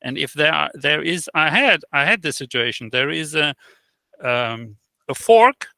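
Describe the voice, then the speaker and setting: This interview guest, a man whose gravelly, bright voice sits fairly high, chats casually and tells stories over a dry recording. He stumbles along with lots of fillers and restarts while lively acting out what people said to each other.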